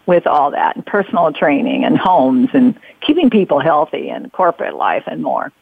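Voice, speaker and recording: A woman's voice: low voice, expressive, normal speed, vocal fry, no echo. A woman hosting a radio interview, asking meandering questions. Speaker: radio host. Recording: dry phone-line sound.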